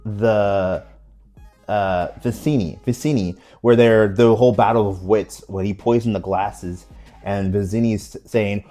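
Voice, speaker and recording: A man's voice: on the low side, fairly even intonation, unhurried, dark tone, soft background music. A young man reviewing a film in a casual, enthusiastic, rambling way, often restarting his sentences. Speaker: movie reviewer.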